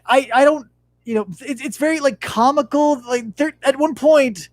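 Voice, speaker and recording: A man's voice: extremely high pitch, normal speed, no room sound. A man in his thirties hosting a podcast, telling stories in a casual chat with lots of profanity. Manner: animated, profane storytelling. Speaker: podcast host.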